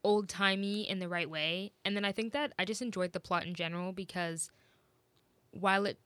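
A woman's voice: mid-range voice, normal speed, fairly bright tone, clear, resonant tone, no room sound. A young woman co-hosting a film podcast who talks in a loose, rambling way, full of fillers. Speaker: podcast co-host. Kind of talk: casual film review chat.

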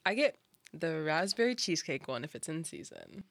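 A woman's voice: low-pitched, sing-song, normal speed, creaky, a bit bright, dry recording. A young woman hosting a casual podcast chat, rambling through stories with lots of "like" and laughter. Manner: rambling storyteller, chatty and laughing. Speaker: podcast host.

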